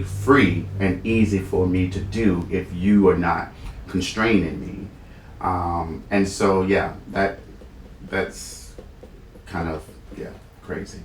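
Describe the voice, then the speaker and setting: A man's voice: sits low, slight background noise. A man co-hosting a podcast, talking earnestly with frequent restarts. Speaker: podcast co-host. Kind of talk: casual discussion. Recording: roomy echo, a bit far from the mic.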